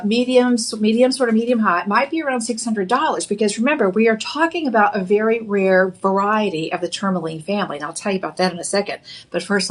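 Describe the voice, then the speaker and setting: A woman's voice: medium pitch, a little hiss or hum. A woman with a Texan accent hosting a live jewelry shopping show, chatty and upbeat with casual fillers. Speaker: shopping channel jewelry host.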